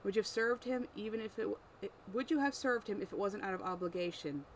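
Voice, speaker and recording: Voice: medium pitch, fast talker, a little hiss or hum, voice pushed up, close to an everyday voice, rough recording. A reader voicing a nervous young mortal man who stammers but asks probing questions, in an amateur story read-aloud.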